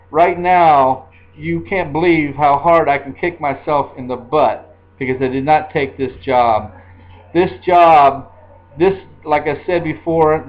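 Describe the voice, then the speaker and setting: A man in his sixties telling a personal story in a casual, rambling way, often repeating himself. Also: on the high side. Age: 60s. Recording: dull lo-fi recording.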